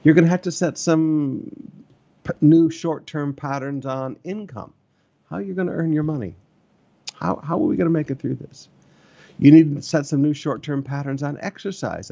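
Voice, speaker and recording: A man's voice: fairly high pitch, creaky, mellow, dull audio. A middle-aged man, preaching a sermon as pastor in an earnest, exhorting way, repeating key phrases.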